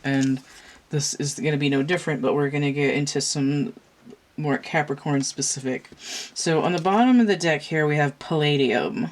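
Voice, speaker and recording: Very deep-voiced woman reading cards. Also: normal speed. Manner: rambling, chatty, with many fillers and restarts. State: congested from a cold. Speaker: tarot and oracle card reader. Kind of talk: casual chat while doing a card reading.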